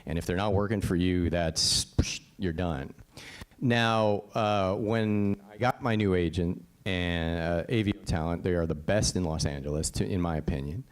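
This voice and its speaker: Voice actor guy from connecticut on a panel, lowish voice, blunt, swears a bit, casual storytelling. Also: normal speed. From Connecticut, USA. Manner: blunt, emphatic, drops swear words, keeps asking "right?".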